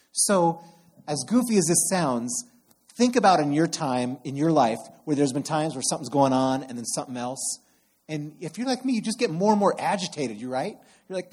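Husky-voiced man telling animated sermon stories. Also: medium pitch, a little fast. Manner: animated storyteller who acts out exasperated outbursts. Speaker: camp program director preaching.

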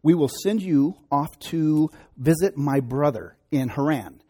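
A man's voice: fairly high pitch, expressive, warm tone, slightly rough. A man doing a scheming mother. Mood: firm. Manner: brisk, conspiratorial.

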